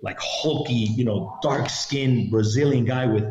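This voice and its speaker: As a podcast guest, a middle-aged retired federal agent recounts a story from his career, telling it with animation and acting out the other people involved. His voice is mid-pitched, a little slow and a little mellow. The sound is roomy and slightly dull, with a little hiss or hum.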